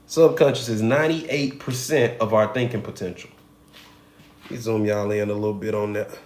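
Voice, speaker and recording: A middle-aged man and hypnotherapist giving a live teaching talk, conversational and animated, with rhetorical questions to his viewers. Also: lowish voice, moderate pace. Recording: roomy room with faint noise.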